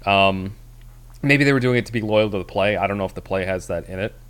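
Low-voiced man rambling through a film recap. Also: fast talker, fairly bright tone, clear, resonant tone. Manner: rambling, many fillers and restarts. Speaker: podcast co-host. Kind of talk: casual movie review chat.

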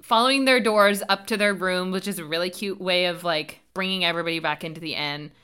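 Woman podcast co-host, bright and smooth voice, animated casual recap, acts out scenes. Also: on the low side, a little fast.

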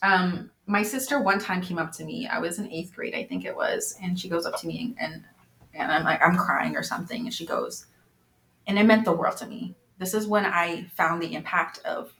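A young woman hosting a podcast, speaking openly and confessionally, quick to laugh and get emotional. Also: fairly low pitch, gravelly, fairly bright tone, echoey room. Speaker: podcast host. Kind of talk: candid conversation.

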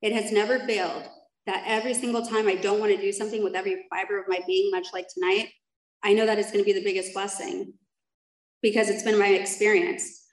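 A woman's voice: mid-range voice, steady tone, fast. Candid rambling woman sharing in a roomy hall. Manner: candid, rambling, self-deprecating, laughs often. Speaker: speaker sharing at a recovery meeting. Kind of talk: personal testimony to a group.

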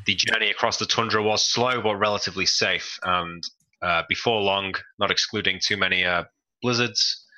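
A man putting on a northern English accent to narrate a dramatic recap of a tabletop game, halting with fillers. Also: low voice, bright, forceful tone, heavily acted, low-quality recording. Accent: northern English, put on. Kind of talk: mock trailer-style recap narration.

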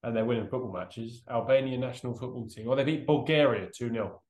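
A man's voice: medium pitch, fast, a little mellow, echoey room. A man co-hosting a casual podcast, dry and sarcastic, swearing casually and reasoning aloud through quiz answers. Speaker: podcast co-host. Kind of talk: casual chat.

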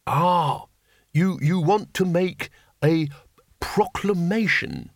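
A man's voice: high voice, takes it slowly, no echo, studio quality, voice pushed up. A man voicing a fussy, educated man who speaks in a precise, nervous way. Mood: careful. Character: fussy educated man, anxious former teacher.

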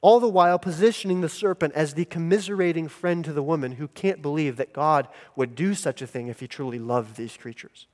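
Male pastor, higher-pitched voice, emphatic sermon delivery, recorded in a reverberant sanctuary. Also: darkish tone. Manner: deliberate, emphatic teaching. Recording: long hall reverb.

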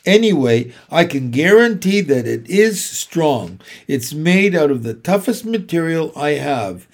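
A man voicing a wise, gentle female spider with a weak, tired voice, explaining things calmly and patiently. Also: fairly high pitch, unhurried, exaggerated voice.

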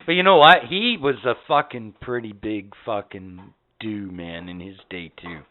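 A man's voice: fairly low pitch, measured pace. A man telling rambling, profane stories as a podcast co-host in casual chat. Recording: tinny phone-like audio.

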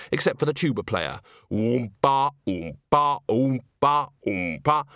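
A man reading a comic novel aloud as narrator, wry and expressive. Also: mid-range voice, no echo, clean studio sound. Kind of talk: audiobook narration.

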